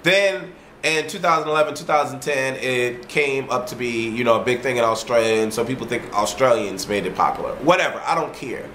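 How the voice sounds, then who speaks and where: A man rants to his camera in a loose, animated monologue, cursing freely and circling back on his points. His voice sits at an ordinary pitch for a man. The recording has a roomy echo and a faint hum behind it. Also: fairly quick. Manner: animated storyteller who swears freely and repeats himself. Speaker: vlogger. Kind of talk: casual ranting monologue.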